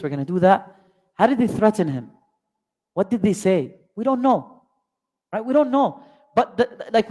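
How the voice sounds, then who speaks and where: An Islamic teacher with a high, slightly mellow voice gives a religious lesson through storytelling. He leans on rhetorical questions and Arabic terms, and the recording carries a long hall reverb.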